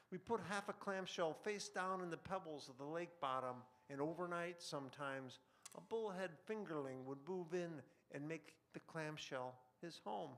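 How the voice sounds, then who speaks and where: Man reading his own story in a studio. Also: fairly high pitch. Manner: relaxed and conversational, with filler words between the text. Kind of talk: live fiction reading with casual asides. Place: broadcast studio.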